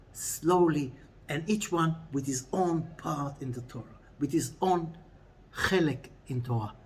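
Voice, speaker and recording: A man giving a weekly Torah lesson in a lively, laughing way, often repeating phrases as he explains. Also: fairly high pitch. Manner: animated, laughing, mixing in Hebrew quotes. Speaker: Torah teacher.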